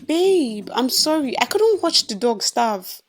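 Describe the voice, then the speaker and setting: A woman voicing a bumbling, nagging but soft-hearted husband who talks loudly and defensively. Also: high voice, very animated, slow, soft background music, pitched above the performer's own voice, heavily acted.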